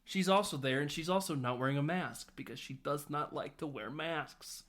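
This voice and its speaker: Man recapping a film, lively and profane. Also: fairly high pitch. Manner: animated retelling with quick voiced quotes; swears freely, laughs often. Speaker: podcast host.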